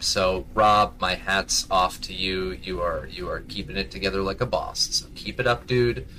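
A man hosting and running a tabletop role-playing stream, talking casually with many pauses and restarts. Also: lowish voice, pushed and bright, a little hiss or hum, poor audio. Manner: rambling, with many fillers and restarts. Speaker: game master. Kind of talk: casual stream chat as game master.

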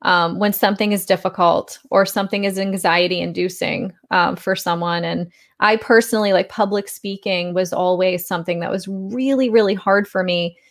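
A woman's voice: medium pitch, steady tone, normal speed, hardly any pauses. A woman hosting an interview who responds in an affirming, reflective way. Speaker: podcast host. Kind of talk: conversational interview.

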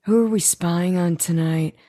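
A woman with a low voice talks through a TV episode in loose, casual chat. She swears often and jumps into quoted lines of dialogue. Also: a little slow. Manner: animated, swears freely, acts out quotes. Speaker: podcast co-host.

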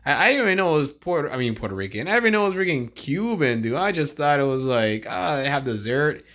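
A man's voice: on the high side, big pitch swings, quick pace, a bit bright. A man in his thirties hosting a podcast in casual chat, rambling, slangy and profane. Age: 30s. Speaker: podcast host.

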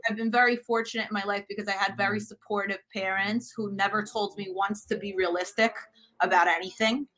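Thirties woman, cooking show host as guest, bright and animated, laughs at herself. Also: medium pitch, fairly quick. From United States. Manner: animated and self-deprecating. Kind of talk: casual interview chat.

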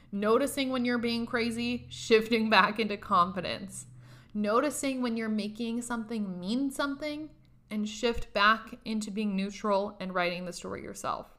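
Podcast host, young woman, bright tone, emphatic and profane, casual motivational delivery. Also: fairly high pitch. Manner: profane, emphatic, laughs often.

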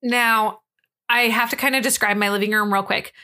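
A young woman co-hosting a podcast, telling a story in an animated, casual way, swearing freely and acting out the quotes. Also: a little high, moderate pace. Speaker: podcast co-host.

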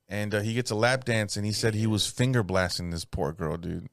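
A man's voice: lowish voice, fairly even intonation, normal speed, hardly any pauses, smooth, no room sound, studio quality. Young guy telling crude stories. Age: young adult. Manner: crude, rambling, acts out voices in anecdotes. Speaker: podcast co-host, comedian. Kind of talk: casual chat, storytelling.

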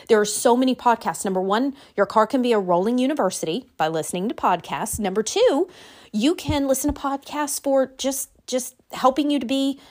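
A woman life coach giving a motivational talk straight to the camera, emphatic and direct, laying out numbered takeaways and repeating key phrases. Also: a little high.

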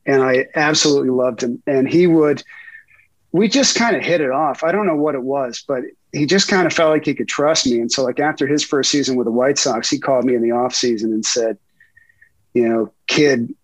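A man's voice: medium pitch, no room sound, rough recording. A middle-aged man and guest reporter telling profane anecdotes in a casual interview, laughing often.

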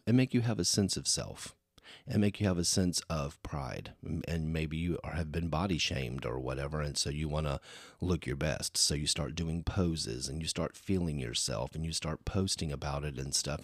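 Very deep-voiced man chatting casually. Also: lively intonation, moderate pace, slightly rough, no room sound, clean studio sound. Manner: rambling and chatty, full of "you know". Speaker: podcast host. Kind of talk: casual solo podcast chat.

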